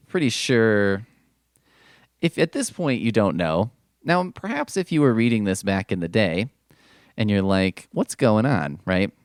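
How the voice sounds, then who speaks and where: A man's voice: deep voice, clear, resonant tone, no echo, clean studio sound. A man hosting a podcast, chatting casually about an old comic book, rambling with plenty of swearing and asides. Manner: rambling, profane, full of asides. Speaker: podcast host.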